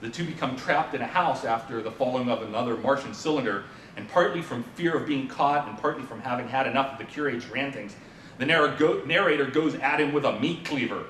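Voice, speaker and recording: This man speaks fairly quickly in a fairly bright voice during a casual conference presentation at a symposium. He leads listeners through a story, asks them questions, and fills his lecture with fillers, while the distant mic leaves the sound roomy with a faint rumble.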